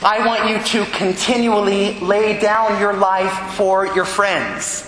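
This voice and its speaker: A man preaching a storytelling homily as a priest, speeding up when excited. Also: high voice, slow, slight background noise. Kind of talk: sermon. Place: large church. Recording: echoey church from a distance.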